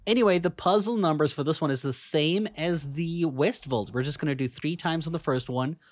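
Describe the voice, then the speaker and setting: A man's voice: on the high side, brisk, dry recording. Chatty man walking through game steps. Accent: non-native English accent. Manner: relaxed, chatty, step-by-step instructions. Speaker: gaming guide creator. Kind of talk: game walkthrough voice-over.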